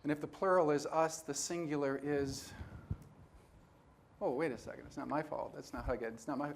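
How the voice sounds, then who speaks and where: A man in his sixties giving a conference talk, telling stories and acting out dialogue with animated energy. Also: a little high, brisk, vocal fry, a little hiss or hum. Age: 60s. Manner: animated storyteller who acts out dialogue. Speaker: conference speaker. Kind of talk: storytelling keynote talk.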